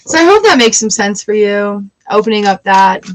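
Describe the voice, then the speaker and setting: A woman's voice: mid-range voice, lively intonation, moderate pace, background noise. A woman giving a live-streamed tarot reading in a chatty, emotional way, weepy and laughing often. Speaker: tarot reader.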